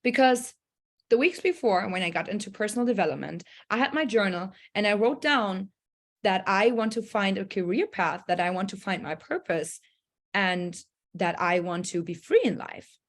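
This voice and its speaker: A woman talks over a video call in a casual, motivational way, earnest and animated. She tells her story with many fillers and restarts, and she acts out her own past thoughts. Her voice sits at a middling pitch. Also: moderate pace. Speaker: speaker sharing a personal story on a group call. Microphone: group video call.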